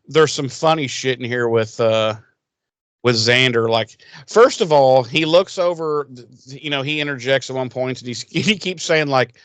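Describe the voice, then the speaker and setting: A man's voice: mid-range voice, moderate pace, fairly bright tone, clear, resonant tone, no echo. A man co-hosting a podcast, recapping an episode in a rambling, profane way and acting out characters' lines in silly voices. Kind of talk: casual crude recap chat.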